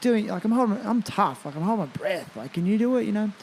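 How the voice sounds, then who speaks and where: A man's voice: high voice, animated, quick pace, a little hiss or hum. A man hosting a podcast, talking loosely and rambling, with lots of fillers and the odd swear word. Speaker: podcast host. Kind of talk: casual conversation.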